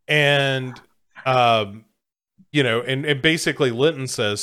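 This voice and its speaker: A man's voice: mid-range voice, slow, pauses often, pushed and bright, clean tone. Guy walking through a movie plot, um and uh a lot, regular voice. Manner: summarizes plot, hesitant fillers. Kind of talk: casual film discussion.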